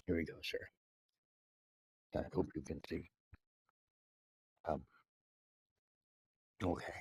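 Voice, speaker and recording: A man rambling to camera in a halting, mock-earnest monologue full of hesitations, addressed to the president. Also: a bass voice, vocal fry, darkish tone, husky, dry recording, rough recording. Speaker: video maker addressing the president.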